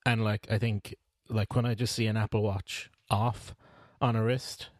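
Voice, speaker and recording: A man co-hosts a podcast in casual chat, rambling with many fillers and restarts. His voice is on the low side with a level tone and normal speed. The recording is studio quality with no room sound.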